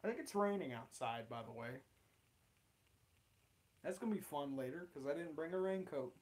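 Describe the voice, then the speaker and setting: A man's voice: on the high side, animated, normal speed. A man hosting a casual livestream Q&A, chatting in a playful, joking, rambling way. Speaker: host.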